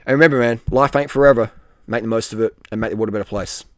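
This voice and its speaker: A middle-aged man with a blunt, profane manner, giving advice in a rambling casual monologue, often trailing off on a low, quiet word. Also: racing, no room sound, studio quality.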